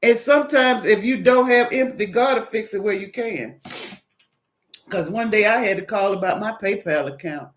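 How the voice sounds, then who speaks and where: A woman with a Southern US accent giving a casual devotional talk, animated and preachy, acting out phone calls as she goes. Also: medium pitch, moderate pace. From American South. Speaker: Christian single encouraging viewers.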